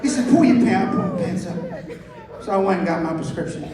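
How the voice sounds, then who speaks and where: A man in his fifties with a very high voice tells crude stories on stage and acts out every line of dialogue himself. His voice rings through a big echoey hall, picked up from some distance. A crowd laughs behind him. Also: huge pitch swings, fast, noisy background. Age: 50s. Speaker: stand-up comedian. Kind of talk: stand-up comedy set. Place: club stage with live audience. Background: audience laughter.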